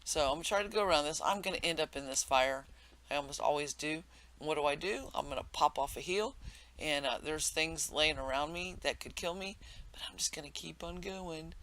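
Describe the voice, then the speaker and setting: A man talks through his gameplay in a loose, meandering way, piling on fillers and correcting himself as he goes. His voice sits a little high, with a bright, forceful edge. He sounds like he is at a desk mic, explaining things to viewers. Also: fairly quick. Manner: rambling, many fillers and self-corrections. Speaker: game tutorial narrator. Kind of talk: casual gameplay commentary.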